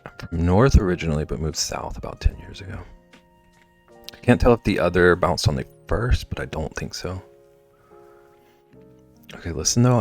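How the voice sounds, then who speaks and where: A man streaming casually while drawing, rambling and chatty, often trailing off into mumbles. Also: low voice. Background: faint background music.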